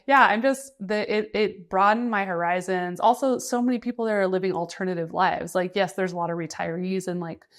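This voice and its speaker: A woman's voice: mid-range voice, fairly even intonation, a little fast, hardly any pauses. A young woman from the United States, a freelance writer talking casually in an interview, chatty with many fillers and restarts. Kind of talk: casual conversation.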